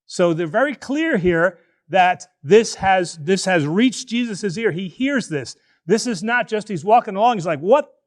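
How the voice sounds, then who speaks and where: A man, a priest, preaching an animated, conversational sermon in church, drawing out words for emphasis. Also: sits high, a little slow.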